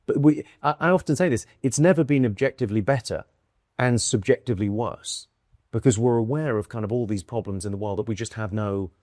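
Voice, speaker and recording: Dry-witted British comedian musing aloud. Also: male voice, mid-range voice, fairly quick, darkish tone, no room sound. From United Kingdom. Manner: thoughtful, restarts often, dry wit. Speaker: comedian guest. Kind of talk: casual conversation. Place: indoor room in London.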